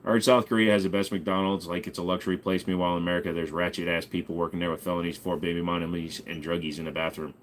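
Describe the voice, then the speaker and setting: A man's voice: sits low, flat delivery, quick pace, hardly any pauses, a little hiss or hum. A man hosting a casual ask-me-anything livestream, joking, swearing and reading chat while bidding on items. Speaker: streamer host.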